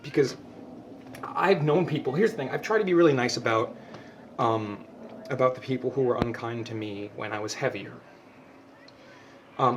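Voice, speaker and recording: A man's voice: medium pitch, a little hiss or hum. A young man giving a heartfelt personal monologue to camera, passionate and emotional, swearing often and tripping over repeated words. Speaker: vlogger.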